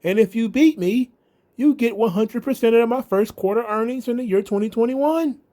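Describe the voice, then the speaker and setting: A man's voice: extremely high pitch, normal speed, voice pushed up. A man mocking a whiny dismayed wrestler. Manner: flat sing-song mock dismay. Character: whiny mock-dismayed male wrestler impression.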